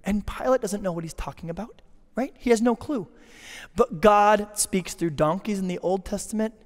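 A man preaching a sermon as pastor, emphatic, swinging between loud declarations and hushed lines. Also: high-pitched, moderate pace. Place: church sanctuary. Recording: church hall with long reverb.

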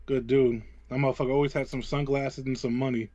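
A man's voice: mid-range voice, flat delivery, fast, warm tone, slight background noise. A man co-hosting a casual podcast, swearing freely as he rambles through old stories. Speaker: podcast co-host. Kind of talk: casual chat. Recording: dull lo-fi sound.

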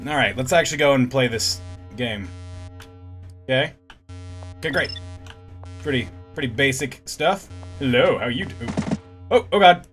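A man's voice: mid-range voice, animated, normal speed, pauses often, fairly bright tone, soft background music. A man giving casual let's-play commentary, joking and sarcastic, with swearing and sudden yelps. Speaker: gaming channel host.

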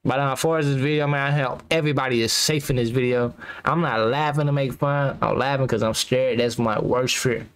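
A man's voice: medium pitch, fairly even intonation, brisk, a bit bright, smooth. A young man giving rambling, slangy reaction commentary as a YouTuber, laughing nervously between remarks.

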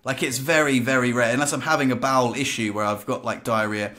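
A man hosting a casual podcast, a frank and lively storyteller who laughs at himself. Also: medium pitch, fast talker. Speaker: podcast host.

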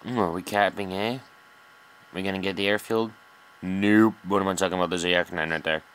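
A man's voice: low voice, steady tone, brisk, a bit bright, slight background noise. A young man giving casual, frustrated commentary over a flight combat game, muttering and swearing at enemies. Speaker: gameplay commentator. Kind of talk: live gameplay commentary.

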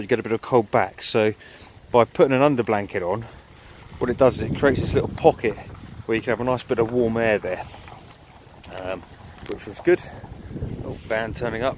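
Out on a cold winter moor, a man who vlogs about motorcycle camping talks loosely into a handheld camera, telling a filler-packed story from his campsite. He speaks at medium pitch and fairly quickly over a noisy background.

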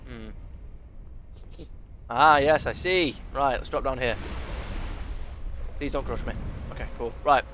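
A man's voice: mid-range voice, slow, long pauses, a bit bright, slight background noise. A young man talking through a video game, chatting to the enemies and muttering asides. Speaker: gaming YouTuber. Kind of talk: let's play commentary.

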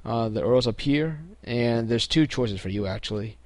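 Here a young man casually walks through a computer tutorial one step at a time in a screen recording, relaxed but full of ums and restarts. He talks at normal speed in a medium-pitched voice, with no echo.

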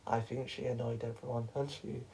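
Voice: medium pitch, little pitch movement, a little fast, creaky, warm tone, natural voice, rough recording. Someone voicing a shy evicted housemate. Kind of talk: fan-made reality show role-play.

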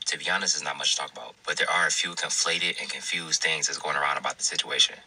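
A man, a food reviewer, calmly explaining himself point by point in a statement video. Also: extremely low pitch, fast, slightly rough. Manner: calm, methodical, numbered points. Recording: voice a bit distant from the mic.

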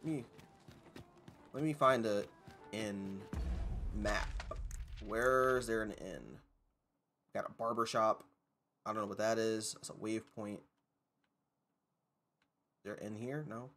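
A man's voice: on the low side, steady tone, takes it slowly, long pauses, a bit bright, soft background music. A man streaming a video game, rambling and joking with his chat in casual commentary. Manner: rambling, jokey, talks to chat.

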